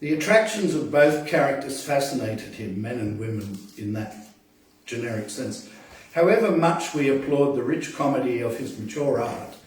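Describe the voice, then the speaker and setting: A man reading and reciting verse at an open mic, halting in speech and bold in recitation. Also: mid-range voice. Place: poetry event venue. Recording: very echoey room, distant mic.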